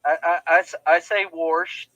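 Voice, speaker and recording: A man trades teasing, emphatic banter on a podcast, pressing his points with insistence. His voice is high for a man, and the sound is dry with no room around it. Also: steady tone, moderate pace, bright, forceful tone, no echo, dull audio. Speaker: podcast co-host. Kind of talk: casual chat.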